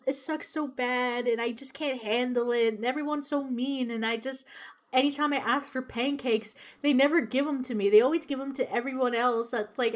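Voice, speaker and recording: A woman voicing a tearful young waitress who complains that everyone is mean to her. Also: close to an everyday voice. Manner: weepy, complaining, high-pitched. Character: tearful, whiny young adult waitress, fed up with coworkers.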